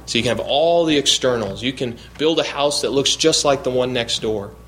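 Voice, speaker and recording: A man preaching a verse-by-verse sermon. He asks questions and answers them himself, and he slows down to press his key points. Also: mid-range voice, fairly bright tone, slight background noise. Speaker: pastor. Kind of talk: expository sermon.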